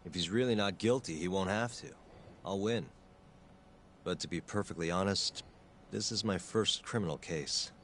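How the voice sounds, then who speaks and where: An earnest lawyer, deep. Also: male voice, a little hiss or hum. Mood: calm. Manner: calm, earnest and measured. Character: earnest male lawyer turned detective. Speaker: lawyer in a video game. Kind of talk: game voice acting.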